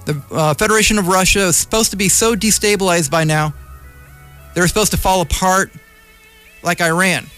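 A high-pitched man behind a community radio mic, working through a heated, rambling opinion monologue. He argues, circles back and presses his points. Soft music plays faintly underneath. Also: normal speed. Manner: impassioned, rambling, argumentative. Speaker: radio show host.

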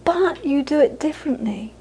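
A woman's voice: high-pitched, lively intonation, moderate pace, warm tone, poor audio. A woman teaching Buddhism to a live audience, talking conversationally, telling anecdotes and laughing often. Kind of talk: dharma talk.

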